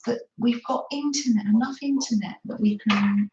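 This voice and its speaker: A woman hosting a chatty craft livestream by the seaside, gentle and affectionate as she greets viewers by name. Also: a little high, moderate pace. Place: by the seaside, away from her desk. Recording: roomy, dull lo-fi sound.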